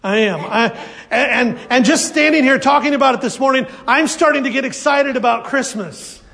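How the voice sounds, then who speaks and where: Pastor guy with a really high voice preaching, animated, keeps doing little voices for the congregation. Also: moderate pace, creaky. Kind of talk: sermon. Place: church service.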